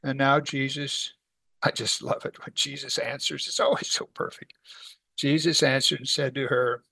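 A man's voice: mid-range voice, flat delivery, normal speed, vocal fry, sharp tone, breathy edge, no echo. A man teaching a weekly Bible study in a conversational way, asking his class rhetorical questions.

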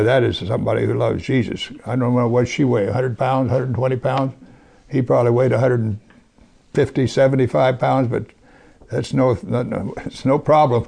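A man preaching a sermon, reading scripture aloud and commenting on it, at times dropping his voice very low for emphasis. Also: gravelly. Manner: reads scripture then comments, drops to soft near-whispers for emphasis.

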